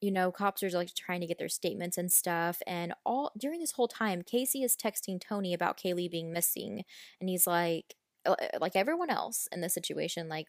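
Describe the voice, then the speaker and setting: A woman's voice: lowish voice, brisk, no echo, clean studio sound. A woman hosting a true crime podcast, retelling a case in a chatty, frank and opinionated way, with the odd mild swear. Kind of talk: casual true crime storytelling. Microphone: podcast microphone.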